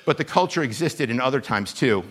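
A man delivering a Sunday sermon in an easygoing, animated way, often turning self-deprecating. His voice sits at a middle pitch. He swings from plain talk to sudden emphasis. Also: brisk. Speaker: guest preacher.

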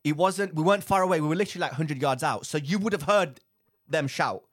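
Lively man telling a story. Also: a little high, fast talker, dry recording, studio quality. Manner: animated, repeats and restarts phrases while telling a story. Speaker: podcast co-host. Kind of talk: casual storytelling chat.

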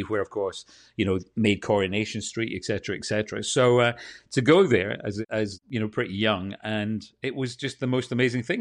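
A Scottish man from Scotland with a Scottish accent, a TV presenter telling animated anecdotes in a casual interview. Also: fairly low pitch. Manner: animated anecdotes, quotes others. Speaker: TV and radio presenter, guest.

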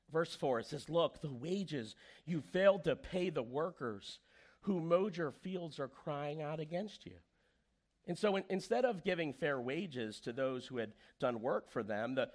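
A man preaching a sermon as pastor, telling stories and acting out the quoted voices. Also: mid-range voice. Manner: animated storyteller, acts out quoted voices.

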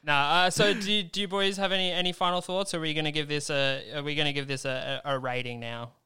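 A man's voice: on the high side, fairly even intonation, fast, pushed and bright, smooth. A man hosting a casual podcast chat who talks enthusiastically and often restarts his sentences. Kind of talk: casual chat about anime.

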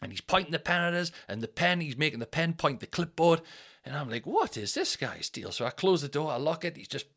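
A man's voice: fairly high pitch, sing-song, a little fast, fairly bright tone. Bloke spinning a yarn on his podcast, voice bouncing up and down a lot, swears, takes the piss out of himself. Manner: swears freely, mocks himself. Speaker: comedian podcast host. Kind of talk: casual anecdotal storytelling.

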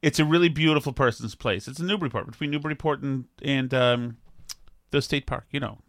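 A man's voice: mid-range voice, brisk, no echo, clean studio sound. A man hosting a casual radio talk show, joking and rambling. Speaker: radio host.

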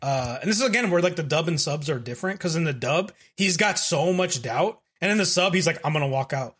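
Animated male host retelling a show, higher voice with wide swings. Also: a little fast, slightly rough. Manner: animated, profane, acts out characters while retelling. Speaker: podcast host recapping an anime. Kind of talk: casual chat.

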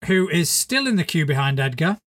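A man's voice: a little high, sing-song, a little fast. Joking male podcast co-host from Spain. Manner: jokey, swears freely. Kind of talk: casual chat.

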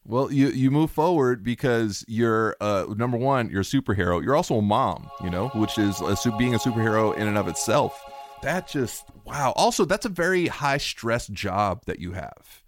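A man's voice: mid-range voice, animated, moderate pace, faint music behind. A man hosting a podcast, chatting casually and emphatically supporting his guest. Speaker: podcast host. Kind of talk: casual interview chat.

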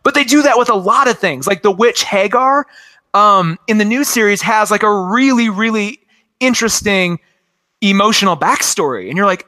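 A man's voice: sits high, moderate pace, bright, forceful tone. A man in his forties chatting enthusiastically about cartoons, rambling with lots of fillers. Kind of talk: casual chat about cartoons.

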